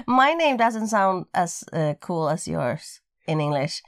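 A woman's voice: fairly low pitch, big pitch swings, takes it slowly, no room sound. A woman with a Swedish accent, Swedish her first language, co-hosting a casual podcast in English with playful, teasing banter into a podcast microphone. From Sweden. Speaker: podcast co-host.

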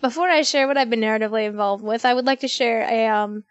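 A woman's voice: a little high, fast talker, no room sound, highs cut off. A woman co-hosting a storytelling podcast in casual chat, chatty and self-aware, laughing often. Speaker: podcast co-host.

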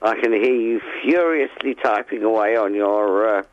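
A man's voice: lowish voice, moderate pace, no room sound, highs cut off. A man calling a radio show, easygoing and a little hesitant in his answers. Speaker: caller. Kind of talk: phone-in chat.

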